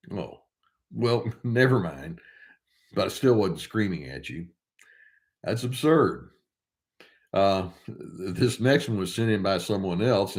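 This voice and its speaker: An older man, a therapist, talking casually and wryly to the camera while he thinks aloud. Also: on the low side. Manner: wry, conversational, thinking aloud.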